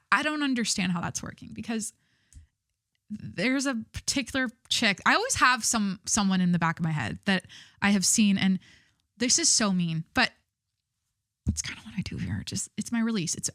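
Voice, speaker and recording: A woman's voice: mid-range voice, fairly bright tone, no echo, studio quality. A young woman hosting her own podcast, chatting candidly and gossiping, swearing freely and laughing at herself. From Southern California. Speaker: podcast host. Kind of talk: casual solo podcast chat.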